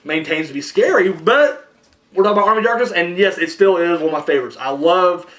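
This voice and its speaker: Animated, rambling young man host. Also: high voice, fast talker. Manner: rambling, profane, animated storytelling. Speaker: podcast host. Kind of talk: casual chat.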